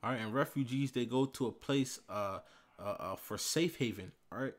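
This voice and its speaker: A man giving a casual bible lesson, reading verses slowly and with emphasis, tagging phrases with "man" and "all right". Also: medium pitch. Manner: reads scripture slowly and loudly, fillers like "man" and "all right". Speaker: bible teacher.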